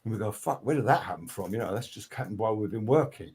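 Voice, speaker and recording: A man's voice: on the low side, fast talker. Older man swapping studio stories. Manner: animated, swears freely, acts out quotes; many restarts and fillers. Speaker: guest record producer. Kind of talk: casual anecdotal storytelling.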